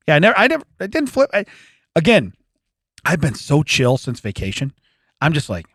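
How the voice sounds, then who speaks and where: A man's voice: a little high, sing-song, a little fast, fairly bright tone, no echo, studio quality. A man in his forties, a podcast co-host, telling stories in casual chat, laughing often and acting out the quotes.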